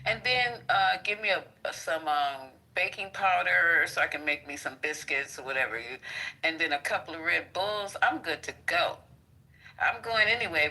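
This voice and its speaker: A woman talking loudly and jokingly in a casual podcast chat, trailing off mid-sentence. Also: low-pitched, rough recording.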